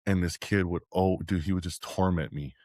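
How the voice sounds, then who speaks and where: A man's voice: low-pitched, steady tone, moderate pace, a little mellow, no room sound, studio quality. A man, a podcast guest from Texas, telling stories in casual, rambling chat and swearing freely.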